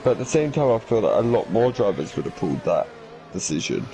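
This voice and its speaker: A man commentating a sim racing league race in a chatty, animated way, arguing his point. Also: on the low side, fast talker, slight background noise, low-quality recording.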